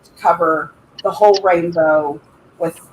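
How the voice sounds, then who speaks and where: A woman's voice: lowish voice, fairly even intonation, unhurried. A woman co-hosting a craft livestream, chatting casually and greeting viewers in a playful, sing-song way. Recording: echoey room with faint noise.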